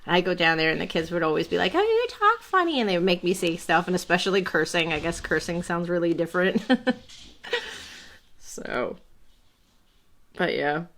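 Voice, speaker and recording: A woman's voice: lowish voice, fairly even intonation, normal speed, long pauses, fairly bright tone, a little hiss or hum. A woman in her thirties with a Brooklyn accent, chatting on a live stream at home, rambling, laughing often and swearing casually. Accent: Brooklyn New York. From Brooklyn, New York.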